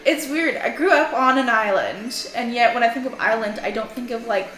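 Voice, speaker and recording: A woman's voice: a little high, normal speed, a bit bright. A young woman from Canada chatting casually while gaming, rambling and giggling, with lots of "like.". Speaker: co-host. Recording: echoey room. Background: game music.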